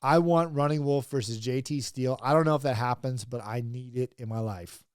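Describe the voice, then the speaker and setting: A man's voice: medium pitch, fairly quick, clean tone, dry recording, studio quality. A young man hosting a wrestling review, rambling casually, chuckling often and swearing freely. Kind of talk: casual comedic commentary.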